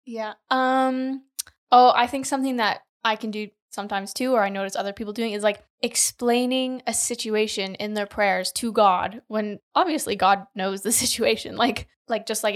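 A woman's voice: medium pitch, fairly even intonation, normal speed. Giggly woman co-hosting a podcast. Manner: giggly, rambling with many fillers. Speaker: podcast co-host. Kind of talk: casual chat.

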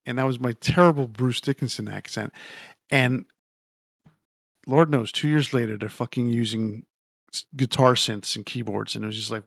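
A man's voice: mid-range voice, moderate pace, creaky, a bit bright, no room sound, studio quality. A man co-hosting a casual podcast, rambling and opinionated, swearing casually as he talks. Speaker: podcast co-host.

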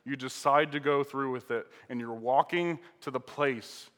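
A man's voice: mid-range voice, steady tone, unhurried, fairly bright tone, in a large hall. A man preaching a sermon to a live congregation, reading scripture and asking emphatic, dramatic rhetorical questions. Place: church hall with an audience.

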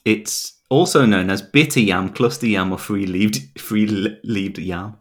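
A man's voice: on the low side, measured pace. A man in casual chat, laughing often and stumbling over difficult words.

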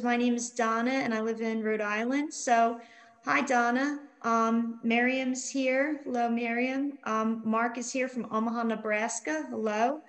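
A middle-aged woman co-hosts a live online Bible study, greeting people warmly and reading scripture and viewer comments aloud with frequent ums. Her voice is on the high side, and the audio is poor.

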